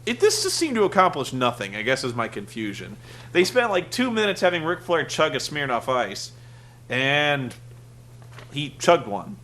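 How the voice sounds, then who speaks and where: A man's voice: a little high, big pitch swings, normal speed, a bit bright, a little hiss or hum. A young man hosting a casual wrestling review podcast, sarcastic and rambling, acting out the quotes he recounts.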